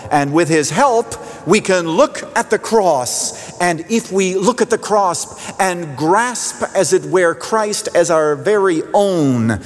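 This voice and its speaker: A man preaching a sermon as pastor, emphatic and repetitive for force, dropping to a hush at key endings. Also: medium pitch, in a large hall. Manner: emphatic, repeats phrases for force, drops to quiet at endings.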